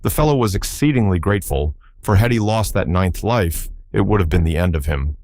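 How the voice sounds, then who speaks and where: A man's voice: sits low, animated, a little fast, darkish tone. Man doing a pompous, long-winded bug professor. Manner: verbose, self-admiring, formal. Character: pompous learned giant male insect, fussy.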